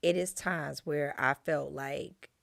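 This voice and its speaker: Woman co-host, gravelly voice, lively storyteller who acts out dialogue, casual faith chat. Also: slow pace. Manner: animated storytelling, acts out quotes with big pitch jumps. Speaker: podcast co-host.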